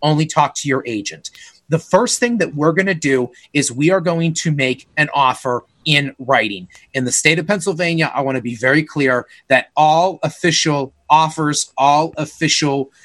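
A man's voice: on the high side, normal speed, a bit bright, dry recording. A man, a real estate agent co-hosting a podcast, explaining the steps to buyers in an earnest, advising way. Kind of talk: casual explanatory podcast talk.

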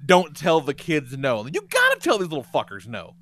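A middle-aged man hosting a podcast, telling stories in a profane, animated way. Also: on the high side, normal speed. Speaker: podcast host. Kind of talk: casual podcast chat.

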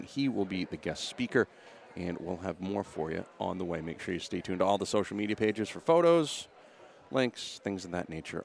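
Radio host, fast-talking gravelly low voice. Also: male voice. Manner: brisk, upbeat announcer patter. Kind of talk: live radio remote broadcast.

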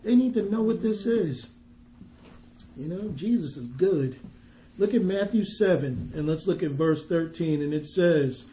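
An earnest male minister preaches and tells stories with a fairly high but mellow voice. He reads scripture slowly and with weight. The sound is roomy and echoey. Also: lively intonation. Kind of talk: preaching and storytelling on a podcast.

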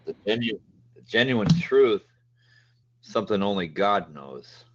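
A man in casual chat who talks haltingly, with many fillers and restarts. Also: on the low side, expressive, dull audio, a little hiss or hum.

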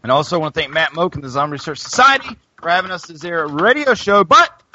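Bright-voiced male podcast host. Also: on the high side, very animated, quick pace. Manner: rambling, with many restarts and fillers. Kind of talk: casual chat. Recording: dull lo-fi podcast audio.

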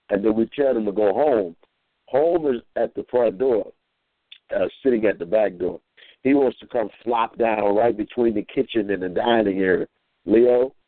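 Rambling minister on a phone line. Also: male voice, on the low side, no echo. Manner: rambling, repeats himself, acts out voices. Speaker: minister calling in. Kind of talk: folksy storytelling and preaching. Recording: tinny dry phone line.

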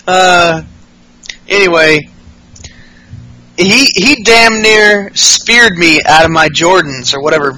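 A man's voice: high voice, slow pace, pauses often, pushed and bright, poor audio. A man hosting a casual, profane podcast recap, acting out wrestlers' lines mockingly in raised voices. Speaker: podcast host.

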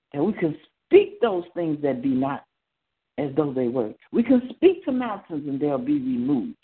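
A man leads a morning prayer with the fervor of a sermon, repeating his phrases and pushing his voice up into cries. His voice sits a little high and swings widely in pitch. The sound comes through a thin, phone-like line. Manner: fervent, repetitive exhortation with rising cries. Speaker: preacher leading morning prayer.

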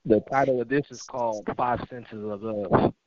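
A man reading spoken-word poetry aloud in a slow, measured recitation. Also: mid-range voice, fairly even intonation, darkish tone, no echo. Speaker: poet guest. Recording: dull, lo-fi call-in audio.

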